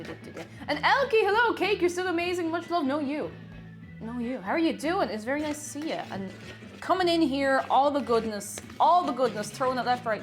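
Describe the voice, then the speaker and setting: An Irish woman streaming live as she bakes in her home kitchen, chatting casually, repeating herself and greeting viewers by name. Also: fairly high pitch. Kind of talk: casual live-stream chat while baking. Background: faint music played from her phone.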